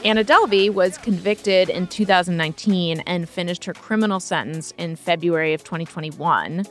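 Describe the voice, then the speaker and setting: Upbeat woman podcast host, lowish voice. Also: normal speed, faint music behind. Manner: upbeat, clear presenter delivery. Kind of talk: podcast narration and ad read.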